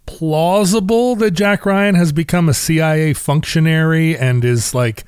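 A man's voice: a little high, unhurried, darkish tone, smooth, dry recording, studio quality. A man co-hosting a podcast, teasing and emphatic in his opinions. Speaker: podcast co-host. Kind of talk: casual podcast chat.

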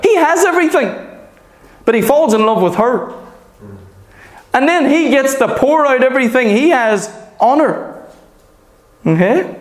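A man preaching with a very high voice, earnest and repetitive, pressing each point home. The sound is roomy and echoey. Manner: earnest, repetitive, emphatic with frequent "Amen" and "Okay?". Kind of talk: sermon. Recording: echoey room.

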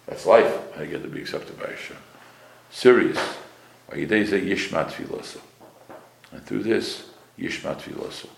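A man teaches a class as a rabbi, his voice low and gravelly, with pronunciation. He explains Hebrew phrases, repeats key words and asks the class questions. The room adds a clear echo. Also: normal speed, pauses often, slight background noise. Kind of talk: Torah class lecture.

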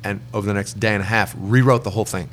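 A man's voice: fairly low pitch, steady tone, rapid-fire, a bit bright, a little hiss or hum. A middle-aged man, a songwriter guest, telling long rambling anecdotes and acting out the people he quotes. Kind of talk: relaxed storytelling in an interview.

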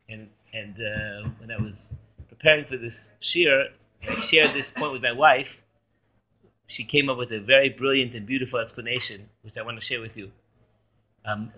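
A man, a rabbi, teaching a Torah class in a lively way, quizzing and joking with his students. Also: mid-range voice, highs cut off.

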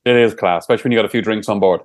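A man's voice: lowish voice, racing. A man co-hosting a casual podcast, teasing his friend, laughing often and swearing freely. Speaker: podcast co-host.

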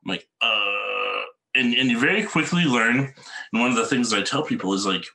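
A man's voice: medium pitch, animated, fast, bright, forceful tone. A man hosting a podcast, asking questions in an easygoing, rambling way and laughing readily. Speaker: podcast host. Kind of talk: casual podcast interview.

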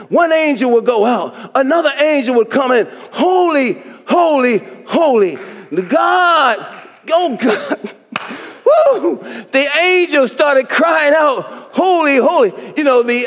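Fervent male preacher, very high pitch, whoops and shouts, long hall reverb. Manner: whooping, shouting praise with rising fervor. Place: church sanctuary. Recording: long reverb of a church sanctuary.

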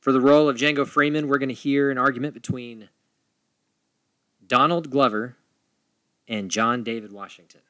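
A man's voice: mid-range voice, fairly even intonation, moderate pace, pauses often, a bit bright, no room sound. A man hosting and moderating a podcast debate, playful and theatrical as he announces. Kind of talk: casual moderating chat.

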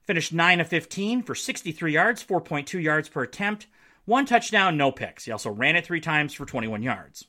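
A man's voice: a little high, lively intonation, moderate pace, pushed and bright. A man hosting a solo sports podcast from his basement, casual and jokey, with playful self-mocking asides. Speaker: podcast host. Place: home basement.

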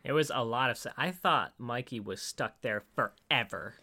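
A man in his thirties with a gravelly edge to a bright, forceful voice. He co-hosts a casual podcast, dry and sarcastic, laughing between remarks. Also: mid-range voice, moderate pace. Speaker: podcast co-host. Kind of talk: casual chat.

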